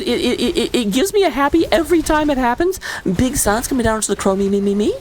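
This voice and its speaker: A woman casting a live video game match as commentator, playful and jokey, her voice jumping up with sudden excitement. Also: a little high, fast talker, slight background noise. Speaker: esports caster.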